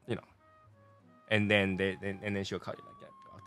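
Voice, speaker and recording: A man's voice: fairly low pitch, fairly even intonation, a little fast, pauses often, pushed and bright, faint music behind. A man from Taiwan, chatting through a casual review in a rambling, playful way. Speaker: cigar and spirits reviewer.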